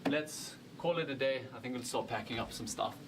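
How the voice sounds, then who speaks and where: An actor playing an earnest young caver. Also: male voice, mid-range voice, a little fast, noisy background, lightly acted. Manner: hesitant, filler-heavy, earnest. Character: earnest young male caver vlogging his dig. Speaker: caver filming a video diary. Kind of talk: casual vlog talk to camera. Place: outdoors at night by a cave.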